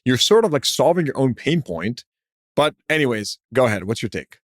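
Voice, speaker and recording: A man's voice: mid-range voice, big pitch swings, dry recording, clean studio sound. Chatty man hosting a podcast. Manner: chatty, filler-heavy, quick asides. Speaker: podcast host. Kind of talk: casual interview talk.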